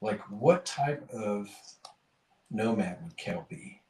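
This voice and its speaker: A man's voice: on the low side, lively intonation, takes it slowly, warm tone. A man hosting a podcast in casual chat, rambling and correcting himself as he tells stories. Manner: rambling, self-correcting, chuckling storyteller. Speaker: podcast host. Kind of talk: casual chat and joke telling. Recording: roomy, distant mic.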